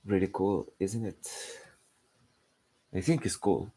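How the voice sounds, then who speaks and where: A man's voice: deep voice, steady tone, slow, mellow, breathy edge. A man chatting casually while drawing, rambling and searching for words. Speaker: artist narrating his drawing.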